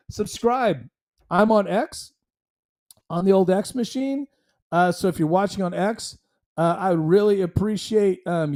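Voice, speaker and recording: A man's voice: high voice, dark tone. A man hosting a solo commentary podcast, talking emphatically in a rambling, conversational way. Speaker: podcast host.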